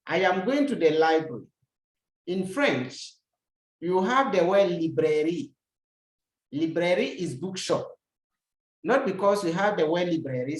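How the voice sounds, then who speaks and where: Teacher drilling examples in a roomy space. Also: mid-range voice. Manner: repeats each example and translates it, with rhetorical questions to the learner. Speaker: language teacher. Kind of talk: recorded lesson. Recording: roomy echo.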